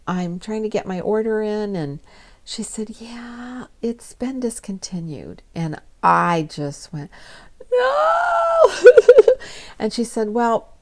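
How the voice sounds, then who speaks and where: An older woman vlogging casually, chatty, retelling her conversations with lively acted-out quotes. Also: on the low side. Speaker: beauty vlogger. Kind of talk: casual storytelling to camera.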